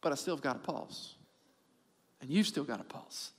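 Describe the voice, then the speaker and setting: A middle-aged man preaching a sermon as pastor, animated and repetitive for emphasis, joking with his congregation. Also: medium pitch, normal speed, husky, big-room sound.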